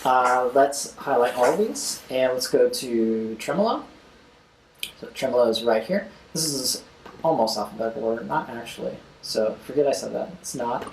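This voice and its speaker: Young man casually explaining music software. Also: mid-range voice, lively intonation, normal speed, roomy sound, a little hiss or hum, rough recording. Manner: casual, talks while clicking, scats rhythms aloud. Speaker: music tutorial host. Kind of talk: screen-recorded software tutorial.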